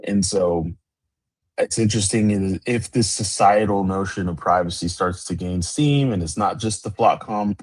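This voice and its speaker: A man in his forties hosts a live podcast stream. His voice is husky and sits low. He talks in a loose, rambling way. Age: 40s. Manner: loose, rambling, animated greetings. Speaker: podcast host. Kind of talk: casual livestream chat.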